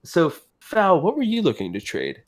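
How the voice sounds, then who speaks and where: A man's voice: fairly high pitch, wildly swooping pitch, moderate pace. A man running a tabletop game as game master, talking casually with many fillers.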